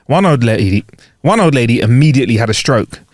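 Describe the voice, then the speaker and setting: A man's voice: medium pitch, animated, fast talker, dry recording, clean studio sound. A man co-hosting a podcast, telling jokes casually, laughing often and correcting himself. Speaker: podcast co-host.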